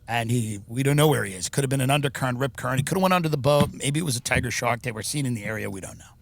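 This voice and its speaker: A man voicing a flustered, halting grieving parent who is explaining how his son went missing, as part of a comedy podcast rant. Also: medium pitch, creaky, dry recording, pitched below the performer's own voice, natural voice. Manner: halting, hesitant.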